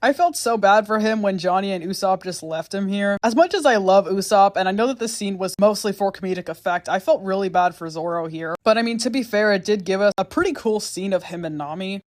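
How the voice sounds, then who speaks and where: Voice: mid-range voice, fairly quick, few pauses. Gushing fan commentator who swears. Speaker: video essay host.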